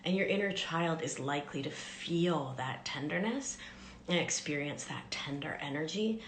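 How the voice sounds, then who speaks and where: A woman life coach giving a gentle, soothing teaching talk on a live stream, often dropping into soft whispers. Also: deep voice, normal speed, roomy sound, slight background noise.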